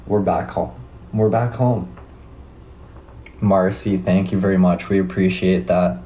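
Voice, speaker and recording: Low-voiced Canadian man chatting on stream. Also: steady tone, unhurried, dark tone, muffled recording, slight background noise. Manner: laid-back, swears casually, chats with viewers. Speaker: livestream host. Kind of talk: casual live-stream chat with viewers.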